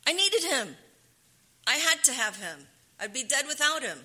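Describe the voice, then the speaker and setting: A woman's voice: sits high, big pitch swings, moderate pace, sharp tone. A woman sharing her recovery story at a meeting, candid and emotional, often restarting her sentences.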